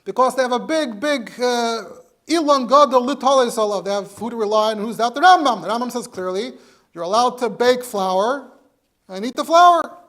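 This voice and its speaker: A man's voice: very high voice, normal speed, a bit bright. A man, a rabbi, teaching a halacha class in English. He explains sources step by step and mixes in Hebrew and Yiddish terms. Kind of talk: Torah lecture.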